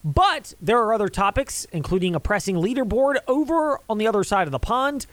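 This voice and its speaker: A man's voice: high voice, expressive, fairly quick, fairly bright tone. A man hosting a sports talk show, chatting casually with rambling asides. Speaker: sports talk radio host.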